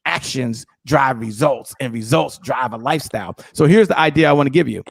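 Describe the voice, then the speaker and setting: A middle-aged man giving an energetic, emphatic motivational talk on sales as a guest speaker, repeating his key phrases. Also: medium pitch, a little fast, creaky, dry recording, clean studio sound.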